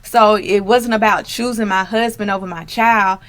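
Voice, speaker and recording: A woman's voice: mid-range voice, fairly even intonation, moderate pace. A woman guest on a casual panel chat, speaking earnestly and supportively.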